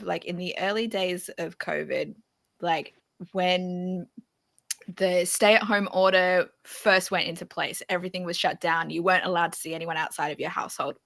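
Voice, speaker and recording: Bright-voiced, chatty woman. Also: on the low side. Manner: chatty, laughs often. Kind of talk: casual chat.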